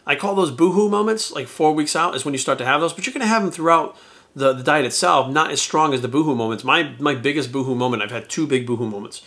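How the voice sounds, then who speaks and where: A man's voice: on the high side, fast, fairly bright tone. A man who is a YouTuber and retired bodybuilder, telling a story to his viewers in a candid, profane, rambling way. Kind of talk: casual storytelling to camera.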